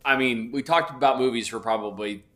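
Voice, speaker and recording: A man's voice: mid-range voice, fairly quick, bright, forceful tone. A man in his fifties, a podcast co-host, telling a rambling story in casual chat and swearing freely. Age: 50s.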